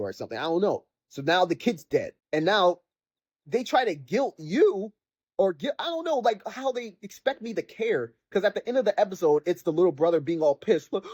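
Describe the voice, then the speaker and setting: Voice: medium pitch, lively intonation, a little fast, darkish tone, breathy edge, no room sound. Exasperated rambling game-review podcaster. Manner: rambling and exasperated, heavy on filler words; sarcastic mock voices when quoting characters. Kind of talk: casual spoken rant.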